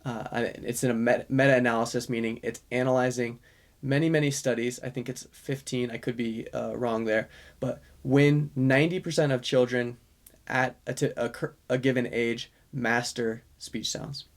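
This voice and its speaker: A man, a speech-language pathologist, calmly explaining a strategy to parents in a course lesson, with fillers and self-corrections. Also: medium pitch, moderate pace.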